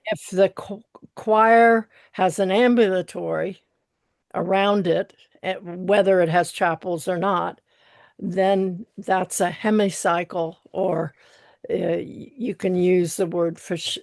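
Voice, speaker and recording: A woman speaks slowly and deliberately, in a somewhat low voice. She picks her words with pedantic care, like a retired academic. The sound is dry and close. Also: fairly even intonation, vocal fry, darkish tone, no echo. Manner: precise, professorial. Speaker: seminar participant. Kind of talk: conversational commentary.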